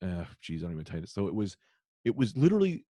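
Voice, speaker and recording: Profane storytelling man, low voice. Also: rapid-fire, no echo. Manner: profane, animated, acts out shouted quotes. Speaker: comedian guest. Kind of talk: storytelling in casual podcast chat.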